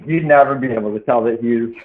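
A man's voice: medium pitch, fast talker. A man from Seattle phones in to a radio show. He tells his story in a rambling, self-correcting way, full of fillers and restarts. The sound comes through a thin, tinny phone line. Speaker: caller. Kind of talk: casual phone-in chat.

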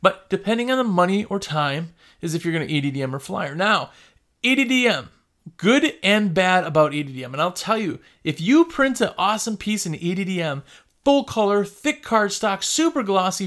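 A man's voice: sits high, animated, moderate pace, a bit bright. A man who runs a window cleaning business, giving casual, jokey advice and telling stories with quoted customers.

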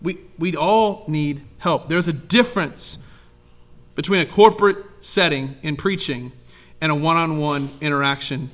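A man preaching a sermon in an animated, conversational way, often acting out quotes. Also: measured pace. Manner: animated, conversational, acts out quotes with sudden loud high voices. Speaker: pastor.

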